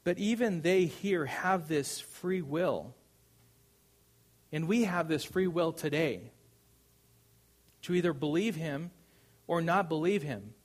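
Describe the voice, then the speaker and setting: A man's voice: a little high, expressive, slow, pauses often. A man preaching a sermon, speaking conversationally with frequent fillers and restarts. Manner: conversational preaching with fillers, rising to loud proclamation.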